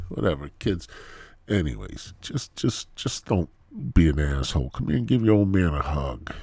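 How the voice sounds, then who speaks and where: A man's voice: low voice, very animated, normal speed, vocal fry, warm tone, husky, dry recording. A man hosting a podcast, ranting crudely in a rambling comedic monologue and swearing constantly, in his thirties. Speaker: podcast host.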